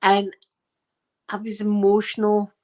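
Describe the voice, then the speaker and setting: A middle-aged woman with a Scottish accent chatting warmly and emotionally to her viewers, close to tears and short of breath. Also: mid-range voice, completely flat delivery, takes it slowly. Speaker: ASMR channel host. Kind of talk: casual heartfelt chat to viewers. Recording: dull lo-fi recording.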